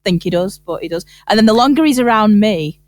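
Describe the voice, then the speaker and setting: A woman hosting a podcast interview, curious and quick to laugh, jumping in with questions. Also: mid-range voice, expressive, dry recording, soft background music. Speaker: podcast host. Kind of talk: casual interview chat.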